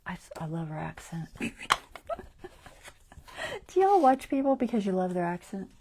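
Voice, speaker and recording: A woman hosting a crafting livestream, chatting as she works, thinking aloud, often trailing off softly and laughing at herself. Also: lowish voice, very animated, measured pace, a little hiss or hum. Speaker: craft channel host. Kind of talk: casual crafting livestream chat.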